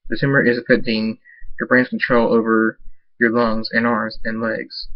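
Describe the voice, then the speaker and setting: A man voicing a calm, serious male doctor who speaks in a measured, matter-of-fact way. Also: on the low side, lo-fi sound, close to an everyday voice. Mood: grave.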